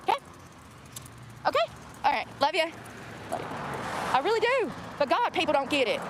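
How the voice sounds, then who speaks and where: A woman's voice: high voice, sing-song, moderate pace. A young woman vlogging outdoors, venting at viewers in a blunt, profane rant. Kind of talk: venting to the camera. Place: outdoors by a road. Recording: clear outdoor traffic noise.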